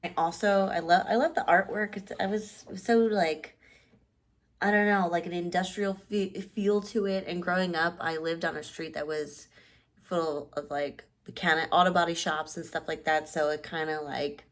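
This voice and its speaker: A woman in her thirties casually showing keepsakes to the camera, rambling with restarts and sounding nostalgic and softly sentimental. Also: fairly low pitch, steady tone, normal speed. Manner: softly sentimental, near tears at times; sleepy late-night talk. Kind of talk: casual show-and-tell chat.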